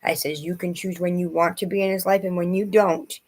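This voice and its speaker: A woman's voice: on the low side, flat delivery, fairly quick, darkish tone, low-quality recording. A woman who is a mother, rambling and agitated as she tells a personal story in a vlog. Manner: rambling and agitated, quoting others.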